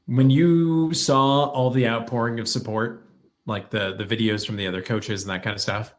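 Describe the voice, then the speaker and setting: A man's voice: medium pitch, steady tone, normal speed. A man co-hosting a casual sports podcast, talking animatedly and slipping into mocking impressions. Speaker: podcast co-host.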